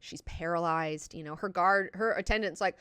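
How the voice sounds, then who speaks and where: A woman hosting a book club, retelling the story in a casual, animated way with plenty of swearing and fillers. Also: on the low side, normal speed, clean tone, dry recording. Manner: animated, profane, lots of fillers.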